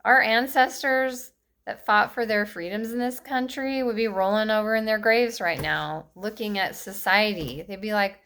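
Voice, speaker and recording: A fifty-something American woman vlogs a heated political rant to camera, blunt and reproachful, punctuated by brief bitter laughs. She speaks at a moderate pace in a mid-range, fairly bright voice.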